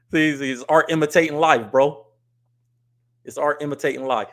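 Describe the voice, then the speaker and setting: His voice a little high, a blunt West Coast man with a wife and kids hosts a livestream of casual commentary. He reads chat comments aloud and scolds the viewers bluntly.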